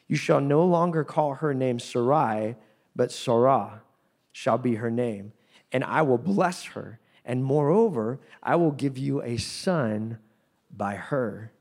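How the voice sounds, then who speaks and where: A man preaching a sermon in a conversational, animated way, with playful asides. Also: medium pitch. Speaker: pastor.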